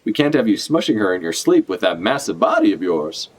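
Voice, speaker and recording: A man's voice: lowish voice, very animated, brisk, husky. A man voicing a fussy, bossy old caretaker. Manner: scolding, instructive, read aloud from a comic.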